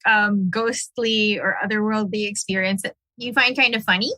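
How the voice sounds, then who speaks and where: A woman's voice: medium pitch, fairly even intonation, normal speed, sharp tone, no echo. A woman from the Philippines, hosting a casual podcast interview with chatty, teasing reactions. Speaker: podcast host.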